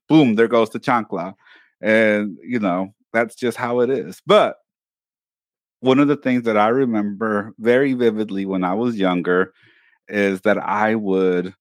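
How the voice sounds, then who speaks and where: Animated male podcast co-host telling stories. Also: lowish voice, dry recording, clean studio sound. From Mexican family background. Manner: animated storyteller, mimics his mother yelling. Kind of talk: casual chat.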